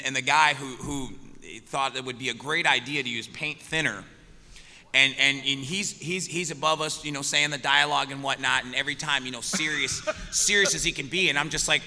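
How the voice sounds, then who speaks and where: A man's voice: a little high, pushed and bright, in a large hall. A man telling rowdy, profane stories on a convention panel, laughing often and talking animatedly. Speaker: panelist, musician.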